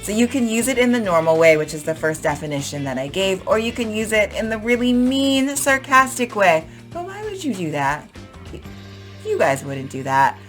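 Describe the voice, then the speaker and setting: A woman's voice: mid-range voice, big pitch swings, moderate pace, faint music behind. A woman teaching English vocabulary in a chatty, explanatory way, with everyday examples and fillers. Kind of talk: casual explanatory lesson.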